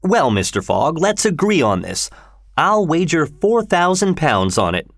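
Brash Victorian clubman, raised pitch, shouting dares, read by a male narrator. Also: big pitch swings, unhurried, dry recording, studio quality, full character voice. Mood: challenging. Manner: loud, challenging, exclamatory. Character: excitable Victorian gentleman bettor.

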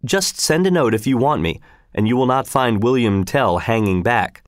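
A man's voice: medium pitch, animated, normal speed, dry recording, studio quality, natural voice. A man reading aloud, voicing a stoic hero who speaks in short, proverb-like sayings. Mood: plainspoken. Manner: terse, proverb-like pronouncements. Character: laconic, brave male hero, calm and stoic.

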